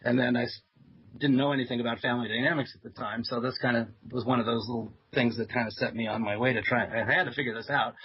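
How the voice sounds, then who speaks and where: A man guesting on a talk radio show, telling stories in a loose, chatty way full of ums and uhs. His voice is husky and sits at an ordinary pitch. The audio is dull and lo-fi. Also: steady tone, quick pace. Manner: chatty storyteller with many fillers and soft laughs. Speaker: psychiatrist guest. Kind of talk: radio interview anecdote.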